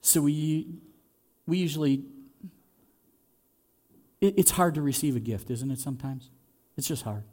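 Male pastor, slightly high voice, lively sermon full of rhetorical questions. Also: measured pace, long pauses. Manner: conversational preaching with rhetorical questions; animated, swings between loud and soft.

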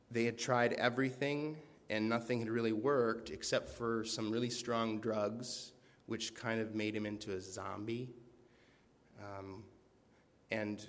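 A man's voice: lowish voice, a bit bright, in a large hall. A man preaching a sermon in an earnest, conversational way, reading scripture aloud with emphasis.

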